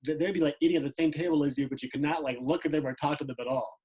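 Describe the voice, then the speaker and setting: A man's voice: a little high, fairly even intonation, racing, a little mellow, slightly rough, rough recording. Rambling man full of fillers. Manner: rambling, many fillers and restarts. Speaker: podcast co-host, Air Force veteran. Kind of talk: casual chat.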